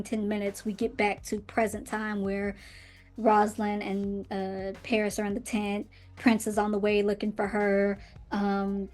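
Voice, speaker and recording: A young woman hosting a podcast, casually recapping a TV drama with lots of "like" and acted-out quotes of the characters. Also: fairly high pitch. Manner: animated, acts out characters' lines in quotes, frequent "like". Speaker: podcast host. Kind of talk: casual commentary recapping a TV show.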